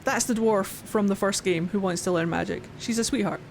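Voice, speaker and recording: A woman's voice: medium pitch, fairly even intonation, moderate pace, gravelly, a little hiss or hum. A young woman streaming a game, chatting, theorizing and swearing with glee. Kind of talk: let's play commentary.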